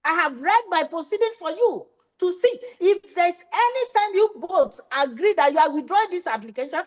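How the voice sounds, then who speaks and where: A woman's voice: very high voice, lively intonation, moderate pace. A woman judge, stern and scolding as she presides over a court hearing. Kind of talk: courtroom proceedings.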